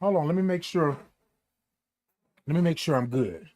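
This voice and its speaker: A high-voiced man hosts a playful morning show livestream at home amid Christmas decorations, with the camera close to his face. He's a little mellow and moderately paced, drawling and greeting viewers by name in casual chat.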